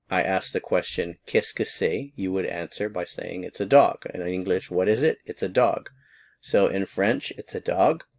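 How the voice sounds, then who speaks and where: A man teaching a French grammar lesson, patient and clear, slowly repeating example phrases for learners. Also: low-pitched, dry recording, studio quality.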